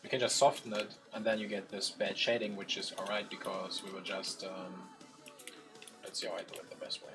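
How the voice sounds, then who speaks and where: A lower-pitched man with a German accent talks through 3D modeling steps while he works. His delivery is casual and explanatory, with music playing behind him. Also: fairly even intonation, brisk. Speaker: co-host reviewing 3D models. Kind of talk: casual stream commentary.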